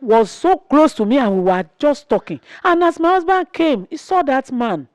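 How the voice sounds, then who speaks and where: Lively woman in her sixties. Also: high voice, normal speed, no room sound. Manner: animated storyteller acting out quotes. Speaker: interview guest, wife. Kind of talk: storytelling interview chat.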